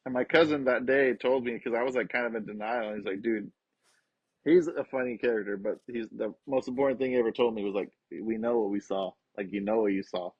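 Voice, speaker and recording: A man's voice: medium pitch, a little fast, slightly rough, dry recording. A young adult man, a podcast guest, telling a personal story in casual, profane talk and acting out the voices of the people in it. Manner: swears freely, acts out quoted voices. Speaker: podcast guest, skateboarding coach. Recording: dull, lo-fi sound.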